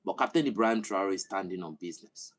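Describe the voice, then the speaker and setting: A man from Nigeria with a Nigerian accent, giving a passionate political commentary that swells into loud, emphatic oratory. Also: sits low, fast. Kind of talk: impassioned monologue to camera.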